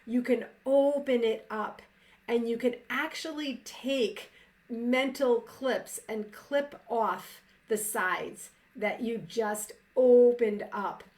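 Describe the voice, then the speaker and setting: A middle-aged woman coach who hosts a live session and guides breathing in a gentle, soothing, unhurried way, letting her phrase endings trail off softly. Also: on the high side. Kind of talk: slow guided breathing and reflective talk.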